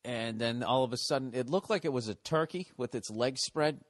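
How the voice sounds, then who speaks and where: A man's voice: mid-range voice, fairly quick, dry recording. A middle-aged man hosting a podcast, telling a rambling, profane comedic rant. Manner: profane, ranting. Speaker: podcast host.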